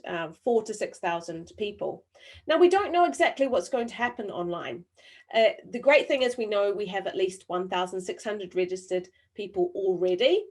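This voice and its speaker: Woman with a softened New Zealand accent. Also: mid-range voice. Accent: New Zealand, softened by years abroad. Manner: engaging, quizzes the audience through the chat; deliberate, with frequent pauses and fillers. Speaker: webinar presenter. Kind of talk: online training webinar.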